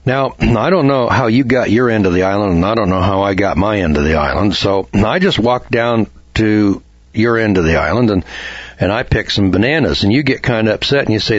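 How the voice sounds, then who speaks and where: An American man delivers a folksy, argumentative lecture on law in a homespun manner, acting out little dialogues as he goes. His voice is on the low side and fairly quick, captured on a dull, dry lo-fi recording.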